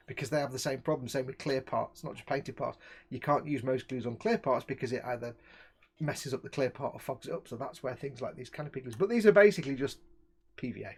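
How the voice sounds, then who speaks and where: A man's voice: mid-range voice, darkish tone, slightly rough. A man hosting a casual live-stream chat, explaining things at length and joking around. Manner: chatty, explains at length, jokes. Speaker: host.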